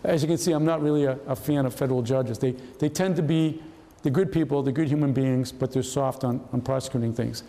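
Here the retired FBI agent, now in his seventies, talks briskly in a medium pitch to a large hall at a historical society event. Telling his stories with gusto, he slips into the voices of those he quotes.

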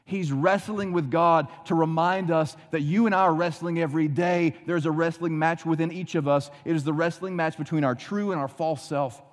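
A man preaching a sermon, dramatic, often dropping to a hushed low voice for emphasis. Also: steady tone, normal speed, hardly any pauses, long reverb tail. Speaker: pastor.

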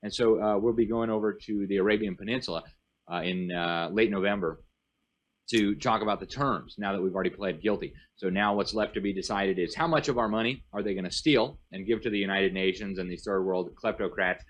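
A man with a fairly low voice talks as a guest on a show. He is emphatic and rattles off long lists in animated interview talk. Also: brisk. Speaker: guest commentator.

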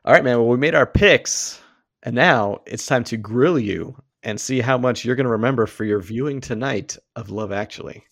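A man's voice: mid-range voice, moderate pace, a bit bright, no echo. Boston-accented male podcast co-host, casual and jokey, dry close mic. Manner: laughs often, reads ad reads upbeat. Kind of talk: casual sports and movie chat.

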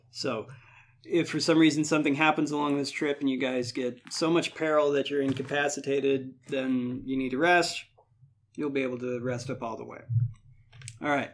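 A man's voice: mid-range voice, steady tone, moderate pace, slight background noise. A man running a tabletop game as game master, explaining rules in a chatty way with many fillers.

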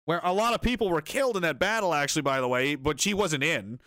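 A man's voice: a little high, moderate pace, a bit bright, no echo, studio quality. A man hosting a livestream and reading chat aloud, riffing sarcastically with lots of swearing and laughter.

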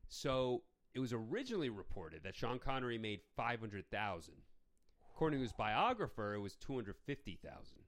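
A man's voice: mid-range voice, big pitch swings, brisk. A man co-hosting a casual movie review podcast, ranting sarcastically and swearing. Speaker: podcast co-host.

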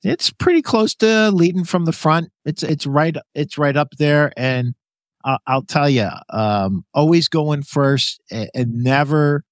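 A man hosting a podcast interview, chatting casually in an animated, jokey way and telling his own stories. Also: a little high, unhurried, no room sound. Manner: animated, jokey, laughs often, calls guest "brother". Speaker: podcast host.

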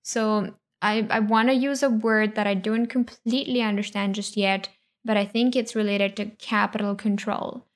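A woman's voice: medium pitch, steady tone, normal speed. A woman co-hosting a podcast, explaining things in a casual, hesitant way as she searches for words. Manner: hesitant, with many fillers and restarts. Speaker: podcast co-host.

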